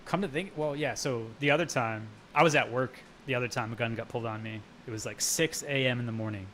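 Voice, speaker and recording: A man's voice: medium pitch, fast talker, fairly bright tone, a little hiss or hum. A man chatting casually on a live brewing stream, rambling and swearing freely as he tells stories and answers chat. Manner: rambling, profane, laughs while telling stories.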